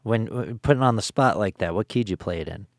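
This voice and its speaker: A man with a very deep voice conducts a relaxed interview, asking plain, easygoing questions. The sound is dry and close. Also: fast talker, no echo. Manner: brief affirmations, easygoing questions. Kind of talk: casual interview.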